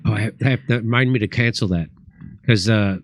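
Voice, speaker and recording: A man's voice: on the low side, brisk, no echo. A man hosting a comedic talk show, telling stories and acting out both sides of a conversation. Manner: storytelling with acted-out quotes. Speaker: host.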